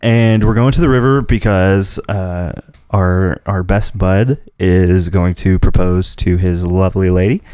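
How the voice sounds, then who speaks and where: A man's voice: sits low, steady tone, unhurried, mellow, clean tone, no room sound, studio quality. Laughing, rambling man. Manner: rambling storyteller, laughs often. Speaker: podcast host. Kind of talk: casual chat.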